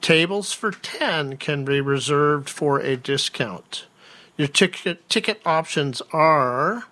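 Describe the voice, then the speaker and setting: A man's voice: a little high, sharp tone. A man co-hosting a casual chat, reading out event listings with playful, joking asides. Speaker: co-host.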